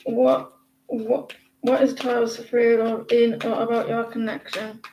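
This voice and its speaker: A woman reading tarot cards on a live stream, chatting with viewers and explaining the cards in a slow, halting way, with many fillers and restarts. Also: on the high side, flat delivery, warm tone, roomy sound, slight background noise, poor audio. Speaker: tarot reader.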